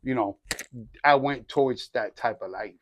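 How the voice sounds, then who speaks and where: A church group member gives his personal testimony in casual street slang, acting out the dialogue as he goes, often restarting and saying "you know what I mean." His voice is medium-pitched, at a normal speed, with no echo.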